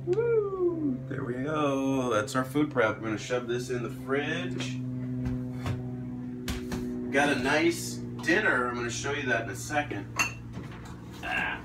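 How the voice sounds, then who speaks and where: A doctor vlogging meal prep from his home kitchen chats casually, upbeat and self-deprecating, in a medium-pitched voice with lively intonation. He takes his time and leaves long pauses. Loud music plays over the kitchen sizzle on a rough recording.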